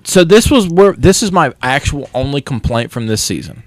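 A man co-hosting a podcast, casually recapping an anime with lively, profane storytelling. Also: a little high, moderate pace, no echo. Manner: animated retelling, acting out characters in funny voices, swears freely. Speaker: podcast co-host.

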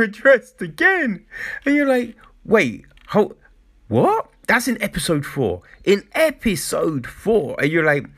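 A man's voice: fairly high pitch, gravelly, a bit bright. A man reviewing a TV show in a casual rant, exasperated and profane, often repeating himself for emphasis.

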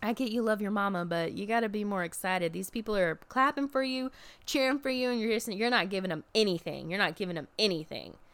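A young woman recaps a wrestling event in casual chat, talking fast and lively with a clean tone. When quoting people she slips into high, mocking voices.

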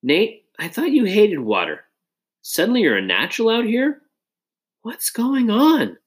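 A man's voice: high-pitched, wildly swooping pitch, a little slow, pitched above the performer's own voice, full character voice. A man doing a teasing, chatty young boy. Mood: puzzled. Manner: teasing, pushy questions. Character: teasing chatty boy, Nate's best friend.

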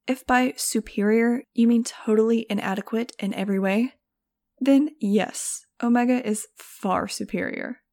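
A woman's voice: on the high side, measured pace, a little mellow, voice pushed up. A woman reading an audiobook, voicing a sarcastic teenage girl with a mocking, wisecracking manner in a raised voice.

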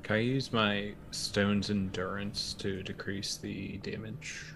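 A tabletop player calmly explaining how to make a dice roll. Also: deep voice, slow pace, creaky, noisy background. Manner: calm, helpful explaining. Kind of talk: casual tabletop play.

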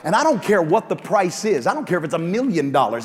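High-voiced male pastor preaching in a hall. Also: big pitch swings, fast talker, hardly any pauses. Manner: preaching, swinging from hushed asides to shouting. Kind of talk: sermon. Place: large church hall. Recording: long reverb of a church hall.

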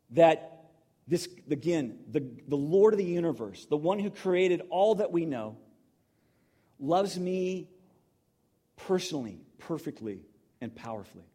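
A man's voice: on the high side, warm tone. A middle-aged man preaching in a conversational, emotional storytelling manner, full of restarts. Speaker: pastor. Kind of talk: sermon.

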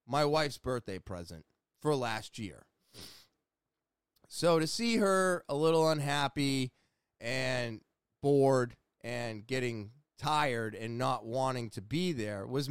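A man's voice: on the high side, clean tone, no room sound, clean studio sound. A young adult man telling a story in a casual, rambling way, exasperated and swearing freely. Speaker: vlogger recounting a comedy show.

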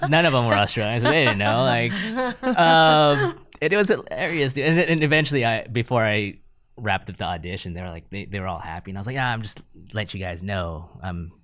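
Male podcast host from the US: deep, relaxed storyteller, dry close mic. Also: fairly quick, dry recording. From United States. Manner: laid-back storyteller, says dude, laughs often. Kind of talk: casual interview chat.

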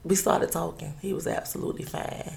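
A woman telling a personal story in an interview, halting and earnest, with many pauses and restarts.

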